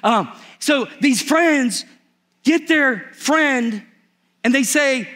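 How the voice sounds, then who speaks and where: Male pastor, high voice, animated comic storytelling in a church sermon. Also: very slow. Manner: animated storytelling, acts out the characters with humor.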